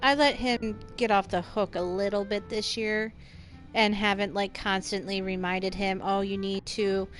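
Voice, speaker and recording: A woman's voice: mid-range voice, fairly even intonation, unhurried. A woman streaming a game live, chatting casually with viewers in a rambling, reactive way. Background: faint game music.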